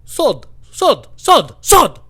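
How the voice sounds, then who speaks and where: A man putting on a grown male customer who repeats one mumbled syllable loudly and insistently. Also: very high voice, huge pitch swings, drawn-out words, pitched above the performer's own voice, heavily acted.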